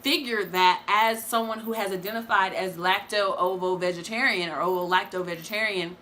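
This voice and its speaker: A young adult woman talking casually to her viewers in a review vlog, chatty and expressive, calling them y'all. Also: medium pitch, normal speed, a little hiss or hum. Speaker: vlogger.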